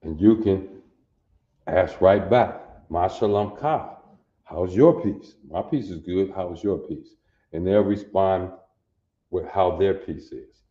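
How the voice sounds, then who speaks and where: A man teaching a language lesson, explaining word by word, repeating himself and often checking that listeners follow. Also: sits low. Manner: slow, repetitive, checks understanding often. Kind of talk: classroom lesson. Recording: dull lo-fi audio in an echoey room.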